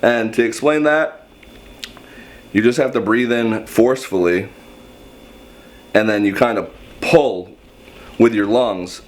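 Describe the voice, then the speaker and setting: A man's voice: lowish voice, takes it slowly, long pauses, slight background noise. A young man casually explaining vocal technique in a rambling, self-deprecating way, often restarting his sentences. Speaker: screaming vocal instructor.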